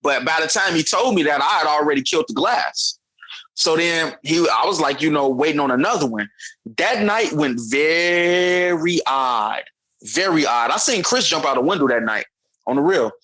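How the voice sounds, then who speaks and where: A man's voice: a little high, expressive, brisk, sharp tone, rough recording. A man from Chicago co-hosting a podcast, telling rambling, profane stories in casual chat. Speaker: podcast co-host.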